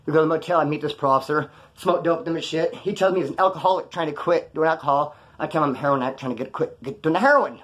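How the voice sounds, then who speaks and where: A man's voice: fairly high pitch, racing, few pauses. A man telling stories from his past to the camera in casual vlog style, full of street slang and swearing, acting out the other people in them. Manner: streetwise slang, swearing, lively acted-out quotes. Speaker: vlogger telling prison stories. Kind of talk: casual storytelling monologue.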